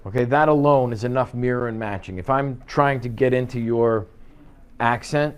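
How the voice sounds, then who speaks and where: Energetic man coaching a sales team. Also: medium pitch, normal speed, smooth. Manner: energetic, coaching, acts out client exchanges. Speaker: real estate sales trainer. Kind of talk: live sales training talk. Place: office meeting room.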